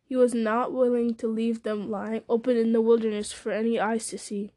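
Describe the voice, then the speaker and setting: A woman narrating a fantasy novel aloud in a steady, measured storytelling manner. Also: a little high, no echo. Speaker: audiobook narrator.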